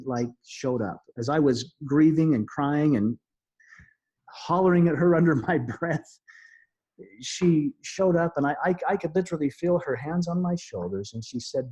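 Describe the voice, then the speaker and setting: A middle-aged man speaks as an interview guest, telling a deeply personal story in an earnest, halting way. His voice is husky and mellow, a little high for a man, and he often restarts his sentences and laughs softly.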